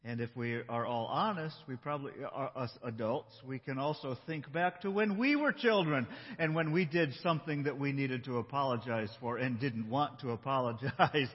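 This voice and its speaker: A man pastor preaching a sermon in a conversational tone, slowing down for emphasis. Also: mid-range voice, slightly rough, big-room sound, dull audio. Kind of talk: sermon with a storytelling opening.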